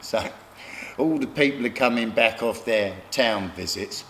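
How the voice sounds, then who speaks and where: A middle-aged man, telling rough stories from his life as an interview guest, often laughing and acting out other people. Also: mid-range voice, unhurried, a bit bright, a little hiss or hum. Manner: gravelly, laughing anecdotes, acts out other voices. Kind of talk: casual storytelling.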